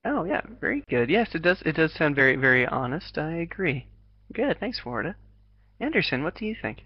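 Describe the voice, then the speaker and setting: A man's voice: on the high side, very animated, fairly quick, dull audio, a little hiss or hum. Encouraging American man teaching online. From United States. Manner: encouraging, many fillers and restarts, laughs often. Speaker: English teacher. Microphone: video call.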